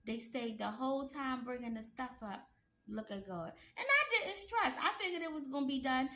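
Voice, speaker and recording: A woman's voice: high voice, vocal fry, fairly bright tone, slight background noise. A woman, telling a story to her viewers in a chatty, emphatic way. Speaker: vlogger.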